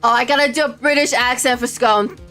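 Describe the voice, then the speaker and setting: A woman's voice: high voice, fairly even intonation, a little fast, bright, forceful tone, soft background music. A young adult woman streaming a game, chatting casually, reacting aloud and greeting her chat. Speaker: VTuber streamer.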